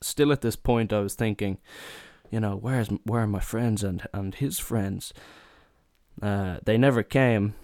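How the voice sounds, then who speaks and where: A man's voice: lowish voice, a little slow, darkish tone, dry recording, studio quality. A young man telling a comic holiday anecdote in a loose, casual way, swearing freely and acting out the lines of people in his story. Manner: swears a lot, acts out quotes in raised voices.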